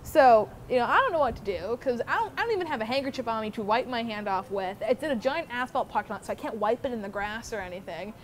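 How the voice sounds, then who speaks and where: A young adult woman telling a story about her old job to the camera in a casual, animated way, swearing often. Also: on the high side, fast talker, few pauses. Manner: profane, animated, swears freely. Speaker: former theme park worker telling her story. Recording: noisy background.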